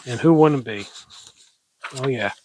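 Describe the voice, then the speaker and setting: A man casually reading public domain poetry, reciting slowly and dramatically and rambling between poems. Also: mid-range voice, darkish tone, dry recording. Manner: rambling, self-directing, chatty between poems; slow, dramatic recitation with mock pirate growls. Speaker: poetry reader.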